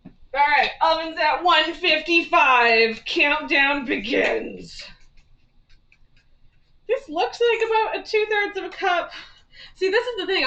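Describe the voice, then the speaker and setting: Bright, lively woman streamer, slow and chatty. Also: high-pitched, echoey room, recorded from a distance, dull audio. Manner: chatty, laughs often, baby-talks to her cat. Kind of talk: casual live-stream chat while baking. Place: home kitchen.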